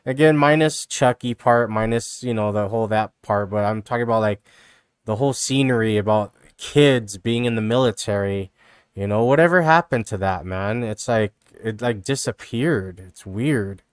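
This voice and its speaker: Male streamer, smooth dry voice, rambling and sarcastic, repeats himself constantly. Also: on the low side, normal speed, dry recording. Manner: rambling, repetitive, mocking, peppered with "dude" and "you know". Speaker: live streamer reacting to videos. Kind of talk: casual rambling stream commentary.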